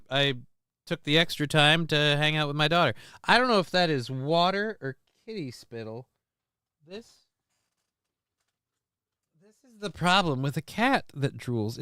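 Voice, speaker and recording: A middle-aged man hosts a casual live stream from his home desk, rambling through a story, swearing freely, and reading viewers' messages aloud. He acts out quotes from himself and others in a livelier, raised voice. His voice is on the high side, bright, forceful and smooth, with a dry recording.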